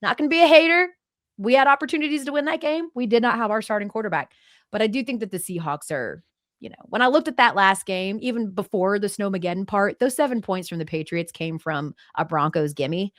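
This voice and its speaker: Appearing as a podcast guest, a woman sports anchor chats casually in a brisk, mid-range voice, telling stories lively and acting out the quotes. The sound is clean studio audio with no echo.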